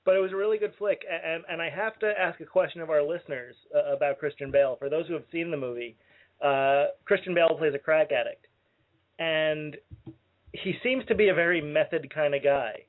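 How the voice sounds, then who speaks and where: Slightly high-voiced man reviewing movies. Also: brisk. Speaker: radio show co-host. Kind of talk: casual comedic banter. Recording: phone-like narrow-band audio.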